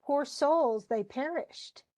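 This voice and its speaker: A woman voicing a gentle, grieving young woman as she reads a quote from a play aloud, with a soft pleading tone. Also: high voice, slow pace.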